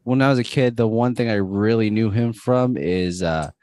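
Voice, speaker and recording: A podcast co-host in casual chat, halting and repeating words while recalling things. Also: mid-range voice, mellow.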